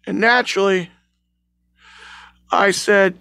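A man's voice: sits high, unhurried, creaky, long pauses, fairly bright tone, husky, dry recording. A man telling a scary work story in a rambling, self-correcting way, recorded on a phone. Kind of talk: casual spoken scary story.

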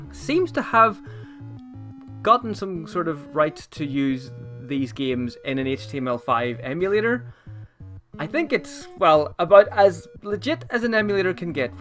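A young man with a fairly high, somewhat bright voice hosts a gaming channel. In a casual let's-play, he chats and reacts out loud to a retro game, poking fun at himself.

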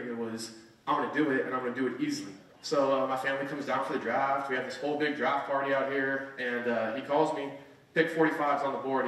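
A man's voice: medium pitch, fairly bright tone. A man in his twenties giving a motivational speech at a conference, telling his story earnestly and often asking "right?". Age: 20s. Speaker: motivational speaker. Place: conference hall. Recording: echoey hall, mic at a distance.

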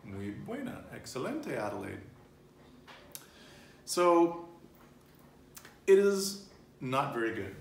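A man's voice: mid-range voice, big pitch swings, takes it slowly, creaky, pauses often, slight background noise. A man in his thirties teaching a casual Spanish lesson at home, chatty and loose, laughing easily and often restarting or wandering off-topic. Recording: roomy home recording, faint ambience.

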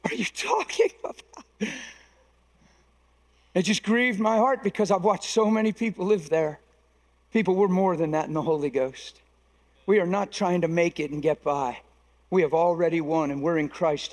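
A middle-aged man preaching a sermon as a pastor, emphatic and animated, acting out dialogue from his stories. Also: high-pitched. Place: large conference hall. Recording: long reverb of a large hall.

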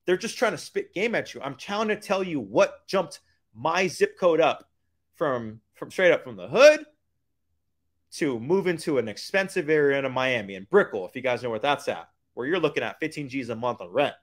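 A man giving a hyped motivational business pitch, using street slang and repeating lines for emphasis. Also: lively intonation, normal speed. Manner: hyped, keeps calling out to "guys". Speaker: business coach.

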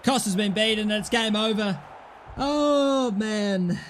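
A young man commentating his own football game play, excitable, grumbling at misses and yelling at goals. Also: high-pitched, slow, slight background noise. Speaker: gaming YouTuber. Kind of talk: casual gameplay commentary.

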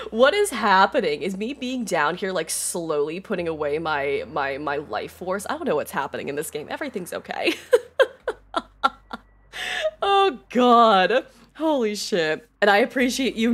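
Bubbly lively streamer woman. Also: mid-range voice, moderate pace. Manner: bubbly, excitable, laughs often, swears casually, says y'all. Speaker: Twitch streamer. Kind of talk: casual live-stream chat while gaming.

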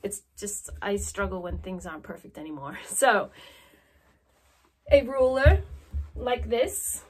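A woman's voice: medium pitch, animated, slow pace, a little mellow, husky. A woman in her thirties with an Australian accent, chatting to camera in a rambling, self-mocking way. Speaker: vlogger. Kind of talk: casual chat to camera.

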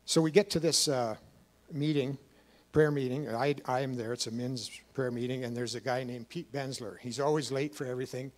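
A man's voice: mid-range voice, steady tone, normal speed. A man giving a rambling, emotional personal testimony to a church, with many fillers and restarts. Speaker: guest speaker.

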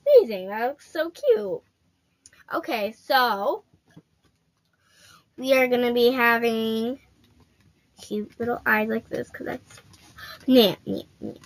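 A woman's voice: fairly high pitch, animated, slow pace, gravelly, long pauses. A female gaming host giving casual, playful commentary straight to her viewers while she plays.

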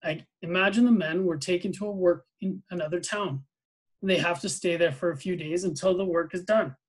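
An eager, well-meaning young boy speaks from the pages of a novel, as a man reading aloud gives him voice. His voice sits a little high, with earnest and curious questions. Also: fairly quick, slightly rough, rough recording.

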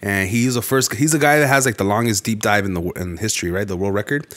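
A young man co-hosting a casual podcast, telling rambling, profane stories with animated energy. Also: lowish voice, fast talker. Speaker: podcast co-host. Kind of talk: casual chat.

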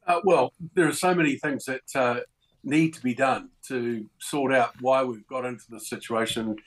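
A man, a politician on a panel, speaking in a measured way with many hesitations. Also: mid-range voice, fairly even intonation, rough recording.

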